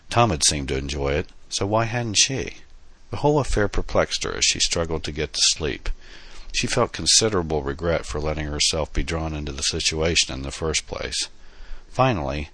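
A man reading an audiobook in a steady, earnest storytelling manner. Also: a bass voice, dry recording. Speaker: narrator. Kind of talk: audiobook narration.

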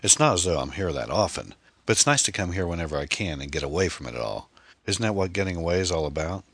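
A man's voice: deep voice, expressive, fast talker, fairly bright tone, husky, dry recording, exaggerated voice. A man doing a charming, secretive host. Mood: smooth. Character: charming, secretive man showing off his house.

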